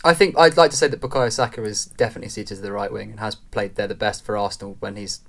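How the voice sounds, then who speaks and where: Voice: mid-range voice, steady tone, fast, creaky. A podcast co-host arguing football points with animation and quoting fans in mock voices. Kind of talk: casual football podcast chat.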